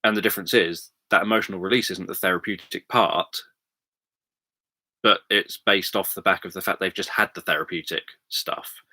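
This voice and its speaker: A man with a low voice talks casually to livestream viewers as a therapist. He thinks aloud with lots of ums and restarts, his tone bright and clear, close to a dry mic. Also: fairly even intonation, normal speed, no echo. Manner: rambling, thinking aloud with many fillers. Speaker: hypnotherapist answering viewer questions.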